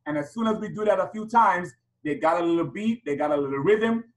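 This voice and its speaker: A man's voice: high voice, fairly quick, low-quality recording. A middle-aged man leading a teaching workshop, asking the audience questions and chanting letters to a beat. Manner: asks the audience rhetorical questions. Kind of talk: workshop lecture with chanted demonstrations.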